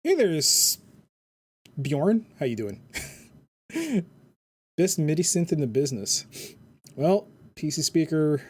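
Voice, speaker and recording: Streamer type, slow easygoing delivery, lively pitch, desk mic, chatty. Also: slightly rough. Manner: chatty, reads game text aloud and hums along to the music. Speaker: game streamer. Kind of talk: casual live-stream commentary.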